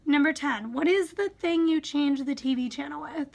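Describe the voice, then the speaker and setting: A woman's voice: high-pitched, normal speed, vocal fry. A young woman from Wisconsin with a Wisconsin accent, casually reading through a word list and second-guessing how she says each word. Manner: reads a word list, musing aloud and second-guessing her pronunciations. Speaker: vlogger.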